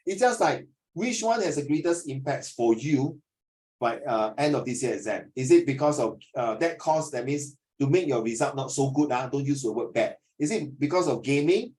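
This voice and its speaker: A man teaching a class in Singaporean English, animated and teasing, often repeating his words. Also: mid-range voice, normal speed.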